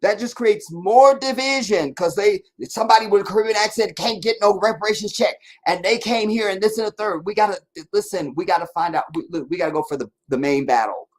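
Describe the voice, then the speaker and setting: Seated on camera for a live stream, this man fields viewer comments at a brisk clip with few pauses. He's direct and emphatic, muttering low one moment and pressing his points insistently the next.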